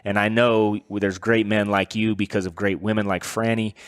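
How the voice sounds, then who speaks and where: Deep-ish guy hosting a podcast, dry close sound, super effusive, all "brother" and "dude". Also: flat delivery, normal speed, clear, resonant tone, no room sound. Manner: effusive and praising, calls the guest brother and dude. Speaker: podcast host. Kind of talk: casual interview chat.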